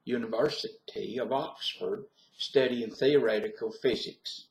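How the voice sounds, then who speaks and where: A man's voice: medium pitch, steady tone, measured pace, roomy sound, close to an everyday voice, poor audio. A man voicing a chatty Southern local with a Tidewater Virginia accent, recorded on a webcam. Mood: friendly.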